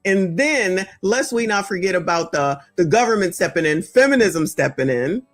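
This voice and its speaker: A woman's voice: on the low side, lively intonation, moderate pace, faint music behind. Sassy, blunt woman commentator. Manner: sassy, blunt, talks straight to viewers. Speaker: commentary channel host. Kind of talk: reaction commentary on clips.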